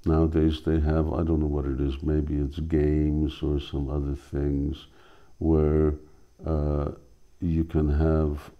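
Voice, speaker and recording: A man, a spiritual teacher, reading a drama aloud and explaining it, halting as he searches for words. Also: very deep voice, completely flat delivery, dull audio.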